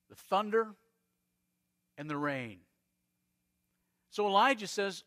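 Bright-voiced preacher man from Arizona. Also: fairly high pitch. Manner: storytelling preacher, dramatic pauses and swings in loudness. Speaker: pastor. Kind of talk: sermon.

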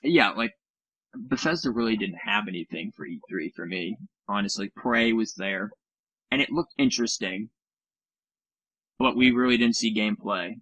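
A man's voice: lowish voice, normal speed, a bit bright, husky, no room sound, low-quality recording. A man co-hosting a casual gaming podcast, rambling and sarcastic, often correcting himself. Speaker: podcast co-host.

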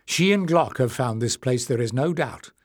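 An eager young adventurer speaks with earnest excitement, as a man reading an audiobook puts him on. His voice sits a little above the reader's own, in a medium register. The sound is dry and close. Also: medium pitch, normal speed, no echo, natural voice. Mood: confident.

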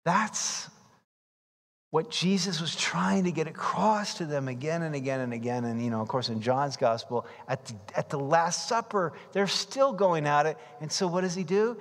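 A man preaches in a lively, animated way, his voice sitting high for a man. He acts out the people in the story and shouts for emphasis, and the sound hangs in the long reverb of a big hall. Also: normal speed. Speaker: pastor. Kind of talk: expository sermon.

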